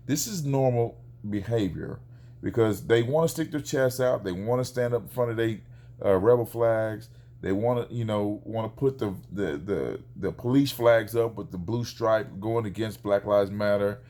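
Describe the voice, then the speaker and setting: A man, a father, telling a neighbor story in a casual vlog, animated and acting out the quoted exchanges. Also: lowish voice, moderate pace.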